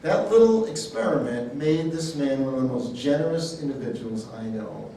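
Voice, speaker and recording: A man teaching a sermon, telling personal stories in a folksy, animated way. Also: medium pitch, normal speed, slight background noise. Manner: storytelling, animated, folksy asides. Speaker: healing ministry teacher. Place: church hall. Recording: echoey hall, speaker far from the mic.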